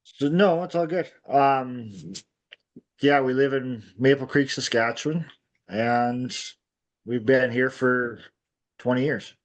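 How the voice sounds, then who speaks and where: A man from Montana speaks very slowly as a guest. His tone is relaxed and laid-back, with a mid-range voice. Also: mid-range voice, highs cut off. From Montana, United States. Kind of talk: casual interview chat.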